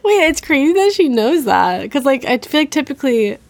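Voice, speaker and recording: A woman's voice: high voice, big pitch swings, fairly quick, creaky, no echo. A woman hosting a podcast in casual chat, laughing easily and giving supportive backchannels. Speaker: podcast host.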